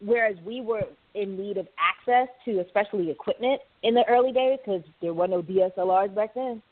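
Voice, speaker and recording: A woman's voice: medium pitch, fairly quick. A woman filmmaker on a radio panel, speaking agreeably and reflectively. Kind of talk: panel discussion. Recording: tinny phone line.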